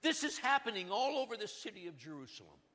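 Bright-voiced preacher in a reverberant hall. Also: male voice, high-pitched, big pitch swings, fast. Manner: dramatic swings between loud urgency and hushed emphasis. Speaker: pastor. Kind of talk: sermon. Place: church sanctuary.

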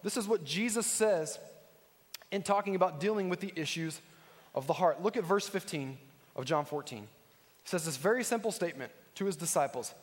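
A man's voice: high-pitched, lively intonation, a little fast, big-room sound. A man preaching a sermon as a pastor, earnest and conversational, often putting direct questions to the congregation.

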